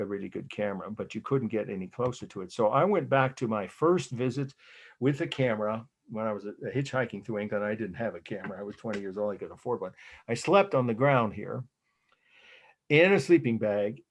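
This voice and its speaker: With a fairly low voice and a slightly quick delivery, this older American man lectures on art history. His style is loose and conversational, studded with anecdotes, fillers and frequent restarts.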